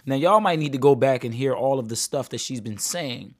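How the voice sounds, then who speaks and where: Male host for casual commentary, mid-pitched, addresses viewers directly, repeats himself. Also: a little fast, dry recording, clean studio sound. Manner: talks straight to viewers, repeats words, restarts.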